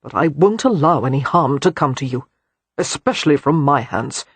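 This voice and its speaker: A man playing a brooding, war-scarred young gentleman who speaks in a quiet, measured, grave way, with a husky tone. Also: fairly high pitch, expressive, no echo.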